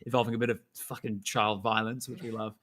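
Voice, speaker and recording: A man's voice: on the low side, flat delivery, fast, a bit bright. Casual guy for a stream chat: giggly, rambling, loose with swearing. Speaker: guest animator.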